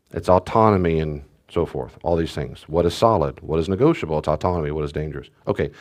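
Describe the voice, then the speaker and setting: A man, a pastor teaching a church study class in a relaxed, conversational way with joking asides to the group. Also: sits low.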